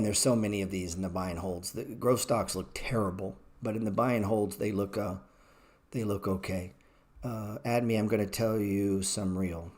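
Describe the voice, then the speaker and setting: A man with a somewhat low voice runs a live-streamed trading class. He is blunt and profane, walking through stock charts in a casual way and snapping at viewers in the chat. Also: a little mellow. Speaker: trading educator.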